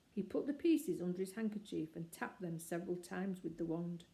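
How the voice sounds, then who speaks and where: Woman narrator, storybook reading aloud, gravelly, lively character voices. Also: on the low side, moderate pace, poor audio.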